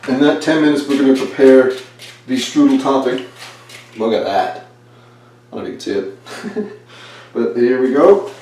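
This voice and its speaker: An expressive man with a warm, mid-range voice bakes at home on camera, speaking at a moderate pace and pausing often. He chats in a rambling, self-deprecating way as he works. The distant camera mic picks up kitchen echo and a little hiss or hum.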